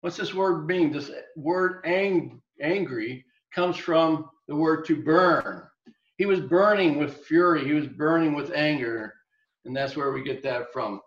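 A male preacher giving a sermon, reading scripture and dropping to a soft voice on key points. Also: a little high, measured pace, echoey room, dull audio. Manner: expository, reads scripture aloud, drops softer on key points.

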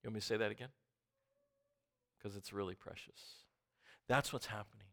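A man preaching a sermon who is also an ER doctor. He swings between hushed asides and loud, emphatic bursts. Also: fairly low pitch, steady tone, moderate pace, vocal fry.

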